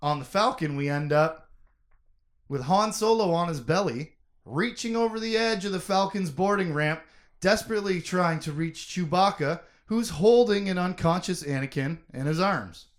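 A man's voice: high voice, animated, moderate pace. Man reading a novel aloud with drama. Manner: reads aloud with dramatic emphasis, shouting quoted lines. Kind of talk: casual chat and dramatic book reading.

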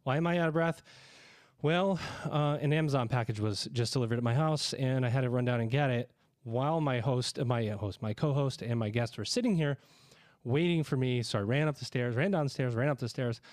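A man's voice: mid-range voice, a little fast, darkish tone, no echo, clean studio sound. A man hosting a podcast in a casual, joking, rambling way, a little out of breath. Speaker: podcast host. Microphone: studio microphone.

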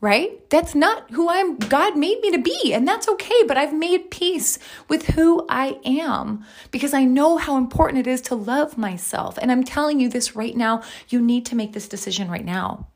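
Talking candidly and emphatically about her life, this thirty-something wellness coach swears often on her podcast in a personal monologue. Her voice is high and animated, at normal speed with hardly any pauses.

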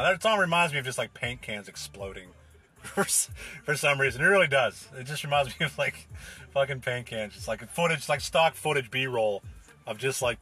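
Rambling bright-voiced man hosting a music show. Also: mid-range voice, slightly rough. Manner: rambling and loose, with cursing and fillers. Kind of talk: casual chat between songs.

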